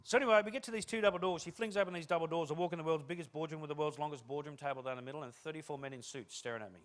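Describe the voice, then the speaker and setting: Man, keynote speaker: high voice, rapid-fire self-deprecating stories with acted-out dialogue. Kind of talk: humorous keynote storytelling.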